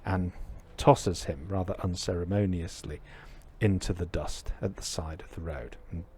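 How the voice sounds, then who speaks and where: Low husky man giving a dharma talk. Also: steady tone, normal speed, a little mellow. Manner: reflective, hesitant with many fillers. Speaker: Buddhist teacher.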